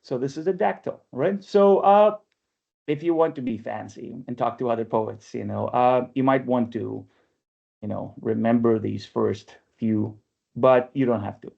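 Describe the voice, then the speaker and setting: Gravelly and husky, this man's medium-pitched voice moves a little slowly. He teaches an online poetry workshop by explaining one step at a time, repeatedly checking in with "right?" Everything is picked up by a video call mic, so the audio is lo-fi.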